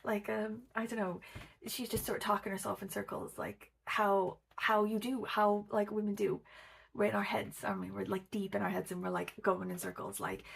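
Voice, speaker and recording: A woman's voice: mid-range voice, fairly even intonation, a little fast, vocal fry, a little hiss or hum. A woman chatting casually about books in a vlog, rambling with lots of likes and ums. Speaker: booktuber. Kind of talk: casual book vlog chat.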